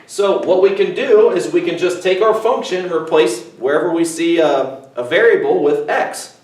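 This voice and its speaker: A man's voice: a little high, moderate pace, darkish tone. A male math teacher lecturing his class step by step, checking in with "okay" and addressing the students as "guys". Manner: explains step by step, often saying "okay" and "guys". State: voice cracking a little. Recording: echoey room, mic far off.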